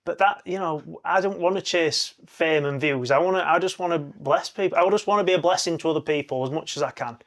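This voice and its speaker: A man's voice: on the high side, fast, few pauses, a bit bright. A man, a local content creator guesting on a podcast, speaking earnestly and sincerely in casual chat. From Barnsley, England.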